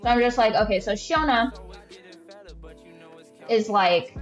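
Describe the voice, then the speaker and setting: A woman's voice: mid-range voice, moderate pace, highs cut off, faint music behind. Profane, rambling woman telling a story. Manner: blunt, profane, lots of "like" fillers; acts out friends' lines in quoted asides. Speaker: podcast host. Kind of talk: casual storytelling chat.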